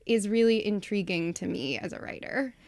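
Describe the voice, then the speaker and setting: A young woman playwright from Ohio answers questions in a thoughtful, casual way, full of ums and quick asides. Her voice is recorded close and dry. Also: medium pitch, darkish tone, no echo. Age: 20s.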